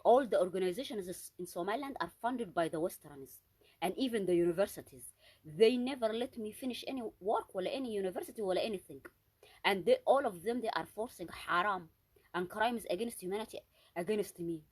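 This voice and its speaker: Husky-voiced woman in an agitated monologue. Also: medium pitch, expressive, brisk, a little mellow. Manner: agitated and accusatory, with frequent restarts and repetitions. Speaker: vlogger. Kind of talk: unscripted solo monologue.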